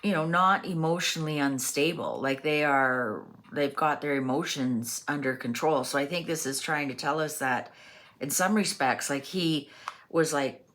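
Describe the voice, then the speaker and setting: Low-voiced woman reading tarot cards. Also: moderate pace, fairly bright tone. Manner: chatty, musing aloud with frequent fillers. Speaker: tarot reader. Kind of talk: casual tarot reading monologue.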